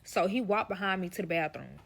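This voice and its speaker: A woman's voice: lowish voice, animated, fairly quick, creaky, slightly rough. A woman telling a personal story in casual, profane fashion, talking straight to her audience. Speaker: storyteller guest.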